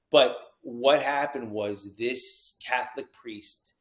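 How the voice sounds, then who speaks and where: A man from New Jersey, a podcast guest telling his story with animated energy and acted-out quotes. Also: mid-range voice, normal speed, few pauses. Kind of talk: storytelling interview.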